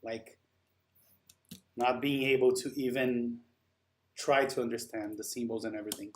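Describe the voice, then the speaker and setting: A man's voice: medium pitch, steady tone, moderate pace, a little hiss or hum. A man hosting a live stream, chatting casually and answering viewer comments while he works.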